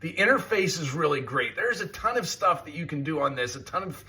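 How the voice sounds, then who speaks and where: A man's voice: fairly high pitch, lively intonation, a little fast, bright, forceful tone. A man giving an enthusiastic, chatty review of a video game. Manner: enthusiastic, chatty, with scoring asides. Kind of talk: casual review commentary.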